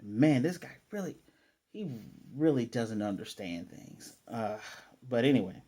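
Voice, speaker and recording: A man's voice: medium pitch, sing-song, unhurried, warm tone. A man casually recapping an anime episode, chatty and self-correcting, with playful asides. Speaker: anime reviewer.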